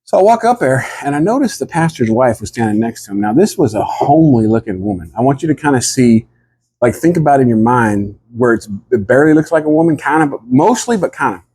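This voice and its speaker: A man telling a rambling comic story in a deadpan, drawling way and acting out what the others said. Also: medium pitch, quick pace, husky. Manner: drawling, rambling, acts out the other people's lines.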